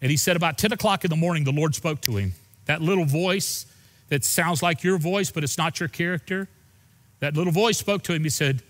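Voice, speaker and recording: A man's voice: fairly quick, fairly bright tone. An older man preaching a sermon as pastor, telling a family story in a heartfelt, emotional way. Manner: heartfelt, emotional storytelling with sudden rises and drops in pitch. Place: church sanctuary. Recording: long hall reverb in a church.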